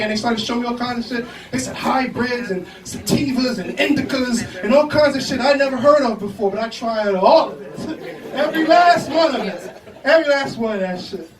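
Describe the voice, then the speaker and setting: A young male stand-up comedian with an extremely high-pitched voice runs through a loose, profane set on a comedy club stage, talking a little fast and laughing at his own jokes. The recording comes from a distance in an echoey club room, with audience noise, laughter and reactions from the crowd.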